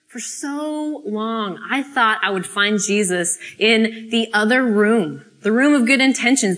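A woman speaking at a student fellowship, telling a dramatic spoken-word sermon with theatrical, expressive pauses. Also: medium pitch.

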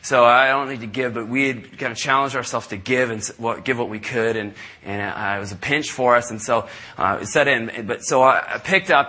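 A middle-aged man preaching, telling a story with lively asides and acting out the people in it. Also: medium pitch, fast talker, husky. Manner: animated, acts out callers in raised voices. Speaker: pastor. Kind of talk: sermon storytelling. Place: church service.

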